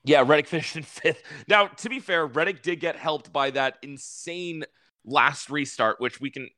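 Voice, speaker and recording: A young man hosting a casual racing chat, excited and swearing freely. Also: on the high side, normal speed, no echo, studio quality. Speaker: podcast host.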